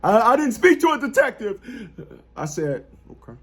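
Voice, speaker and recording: Husky, mocking man talking straight to viewers. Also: extremely high pitch, very animated, normal speed, fairly bright tone. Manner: blunt, mocking, repetitive, street talk. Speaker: family court consultant and host. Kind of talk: monologue commentary to viewers.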